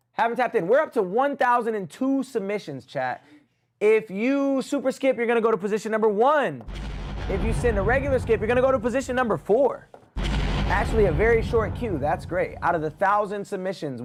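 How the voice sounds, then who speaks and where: Give me a blunt, casual man critiquing music live, with a slightly high voice. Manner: blunt, casual slang, talks to chat. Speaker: music review livestream host.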